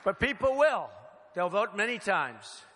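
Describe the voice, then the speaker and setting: A man's voice: high voice, big pitch swings, unhurried, pushed and bright. Older male candidate at a podium, punchy and repetitive rally delivery, long hall reverb with faint background noise. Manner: repetitive, emphatic, speaks in short punchy phrases. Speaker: political candidate speaking at a rally. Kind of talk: campaign rally speech. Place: large hall, crowd present.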